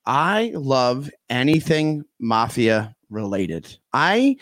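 A man co-hosting a podcast in casual chat, animated, laughing often and restarting his sentences. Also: medium pitch, extremely slow, no room sound, clean studio sound. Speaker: podcast co-host.

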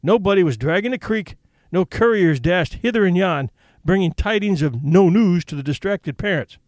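A man reading a humorous story aloud as narrator, with an expressive, wry first-person telling. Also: sits high, no room sound. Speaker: audiobook narrator.

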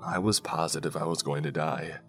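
A man narrating a first-person scary story in a slow, hushed way, with soft music behind him. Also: extremely low pitch, steady tone. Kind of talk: scripted horror story narration. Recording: faint background music.

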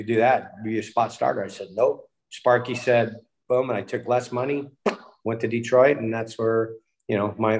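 Animated man telling baseball stories. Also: lowish voice. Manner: animated storyteller, acts out quotes, laughs often. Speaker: guest, former baseball pitcher. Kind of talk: casual storytelling interview.

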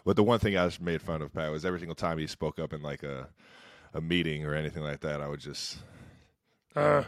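A man's voice: very deep voice, animated, fast, no room sound, clean studio sound. A man in his thirties co-hosting a casual sports podcast, talking loosely with lots of "like" fillers and cursing. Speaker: podcast co-host.

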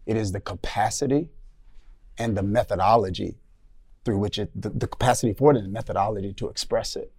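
A man's voice: lowish voice, brisk, darkish tone, breathy edge. A man on a discussion panel, thinking aloud and searching for his words. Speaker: panel guest.

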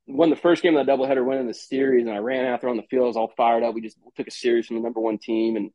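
A man's voice: mid-range voice, very fast, dry recording. A man, a former college ballplayer telling stories casually and acting out quotes. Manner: animated, rambling, acts out quoted exchanges. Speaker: former college baseball player, guest. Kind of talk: casual podcast storytelling. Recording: dull lo-fi sound, dry.

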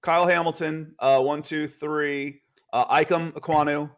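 A man co-hosting a casual sports podcast, chatty and animated, often repeating words as he talks. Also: fairly high pitch, moderate pace. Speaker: podcast co-host.

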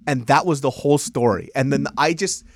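A young adult man from the United States, a podcast host telling stories in casual comedy chat, animated and peppered with "like" and "right?". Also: medium pitch, brisk, dry recording, clean studio sound. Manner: animated storyteller, lots of "like" and "right?".

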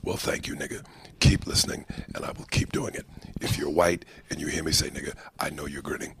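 A man putting on an impression of a gruff older male comedian, speaking low and sardonic in a hushed, gravelly rasp. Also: flat delivery, fairly quick, full character voice.

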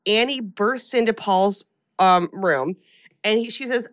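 A woman podcast host telling a story in casual chat, animated and full of filler words. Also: mid-range voice, unhurried.

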